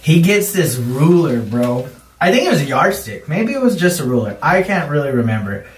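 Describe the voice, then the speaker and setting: A young man co-hosting a podcast, telling a school story in a casual, animated way and acting out the shouted lines. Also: fairly high pitch, normal speed. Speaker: podcast co-host. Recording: echoey room, mic at a distance.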